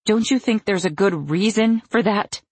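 A woman voicing a stern, protective middle-aged mother who speaks in a brisk, clipped, firm way. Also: mid-range voice, breathy edge, no room sound, voice pushed up, close to an everyday voice.

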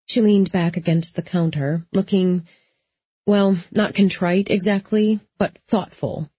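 A woman's voice: lowish voice, steady tone, measured pace, mellow, breathy edge, dry recording. A woman narrating a first-person audiobook in a dry, wry storytelling manner, close to the mic. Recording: slightly dull lo-fi.

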